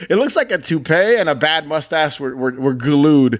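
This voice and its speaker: A man's voice: fairly high pitch, normal speed. A man in his thirties co-hosting a podcast, chatting casually and telling things with enthusiasm. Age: 30s. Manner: animated, enthusiastic storytelling with laughs. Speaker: podcast co-host. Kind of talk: casual chat.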